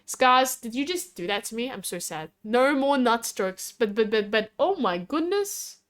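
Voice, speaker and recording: A woman's voice: fairly high pitch, lively intonation, unhurried, fairly bright tone. A young Australian woman streaming as a VTuber, chatting casually with a rambling, giggly way of talking as she reads chat aloud.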